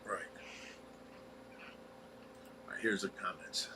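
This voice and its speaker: A man's voice: sits low, slow, background noise. A man co-hosting a casual livestream chat, reading viewer comments and talking in long run-on explanations. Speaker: co-host of a fish rescue livestream.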